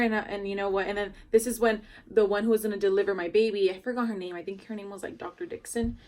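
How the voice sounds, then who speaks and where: Young woman, new mom, casual storyteller, chatty and rambling, lots of filler words. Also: mid-range voice. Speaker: new mother telling her birth story.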